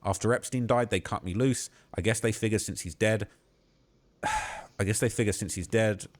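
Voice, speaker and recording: Man, livestream host, low voice, reads a post aloud, streaming desk mic. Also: moderate pace. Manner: steady reading broken by shocked outbursts.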